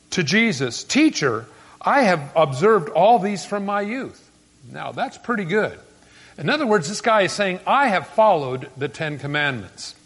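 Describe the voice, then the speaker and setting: Lively, high-voiced male preacher. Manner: folksy, conversational preaching with asides and small jokes; animated, swings between quiet and emphatic. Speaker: pastor. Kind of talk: sermon.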